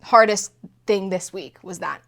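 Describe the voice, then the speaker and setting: A woman's voice: mid-range voice, measured pace, gravelly, fairly bright tone. Chatty young woman co-hosting, laughing often. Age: young adult. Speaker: podcast co-host, new mother. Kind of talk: casual chat.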